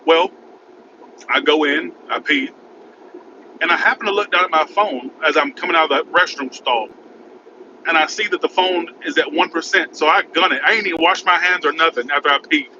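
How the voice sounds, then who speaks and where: A man telling a rambling, frantic story in a casual vlog, recorded in his car by a highway. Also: fairly quick. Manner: rambling, frantic, repeats "oh my God". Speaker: vlogger. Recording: muffled with road noise.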